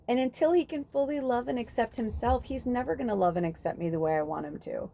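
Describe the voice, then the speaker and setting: A woman's voice: a little high, fast, creaky, few pauses, mellow. A woman hosting a spiritual podcast, talking in a casual, rambling monologue full of fillers and the odd swear word.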